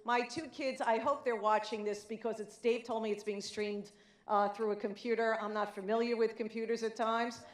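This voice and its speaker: A woman's voice: fairly high pitch, steady tone, moderate pace, echoey room. Chatty woman giving an acceptance speech. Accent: light New York. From New York. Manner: chatty, self-deprecating, many fillers. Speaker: award inductee giving a speech. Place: banquet hall.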